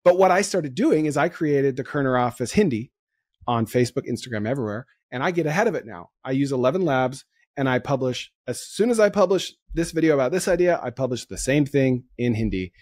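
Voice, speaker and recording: A man hosts a podcast in loose, casual chat. He is excitable and laughs easily, jumping from one idea to the next. His voice sits mid-range, recorded close and dry. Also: mid-range voice, a little fast, no room sound. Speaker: podcast host.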